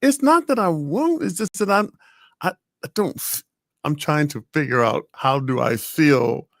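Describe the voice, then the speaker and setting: A man co-hosting a casual talk show, playful and halting, with many restarts as he reads live comments. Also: on the high side, animated, vocal fry, fairly bright tone, no room sound, studio quality. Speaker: podcast co-host.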